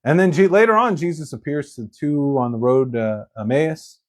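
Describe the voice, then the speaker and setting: A male pastor preaching a sermon, telling the story in an animated way and acting out the quoted lines. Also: on the high side, brisk, few pauses.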